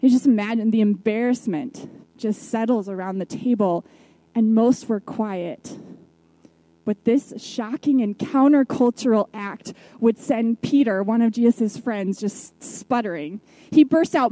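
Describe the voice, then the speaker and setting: A woman preacher retelling a Bible story in a sermon, reflective, with soft hushed drops at key moments. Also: fairly high pitch, expressive, unhurried, dry recording, low-quality recording.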